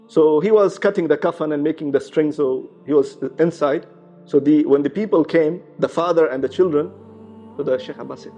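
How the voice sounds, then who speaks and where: A man with a fairly high voice recounts a religious true story. He talks casually, with plenty of fillers and Arabic expressions. The recording sounds a little muffled, with soft music in the background. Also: fairly quick. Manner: conversational, many fillers and restarts, sprinkled with Arabic phrases. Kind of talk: casual storytelling with acted quotes. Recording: slightly muffled, faint music behind.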